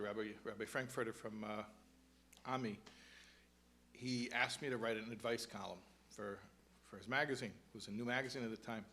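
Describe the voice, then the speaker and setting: A man, a rabbi and advice columnist, talking in a thoughtful, halting way with many restarts, then reading aloud from his own writing. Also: medium pitch, fairly bright tone. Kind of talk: conversational talk, reading aloud.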